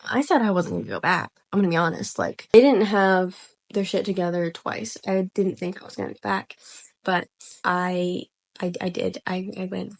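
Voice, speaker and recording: A soft-spoken young woman casually telling a personal story, rambling and hesitant with lots of fillers. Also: fairly low pitch, fairly even intonation, normal speed. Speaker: vlogger.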